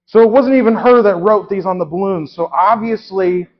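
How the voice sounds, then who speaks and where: A man improvising an indignant customer who loudly complains and demands a refund in a live comedy show. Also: high voice, moderate pace, lo-fi sound, pitched above the performer's own voice. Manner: loud, indignant, repetitive complaining. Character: indignant man returning rude balloons.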